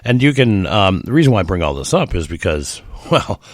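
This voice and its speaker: A man's voice: low-pitched, sing-song, a little fast, dry recording, studio quality. A middle-aged man hosting a casual solo podcast, rambling and chuckling with lots of fillers. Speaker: podcast host.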